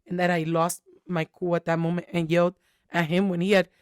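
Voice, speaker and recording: A woman's voice: on the low side, level tone, fairly quick, clear, resonant tone, no echo, studio quality. Candid young woman telling a long story. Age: young adult. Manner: candid, rambling storytelling with many fillers. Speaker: podcast co-host. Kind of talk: casual podcast chat.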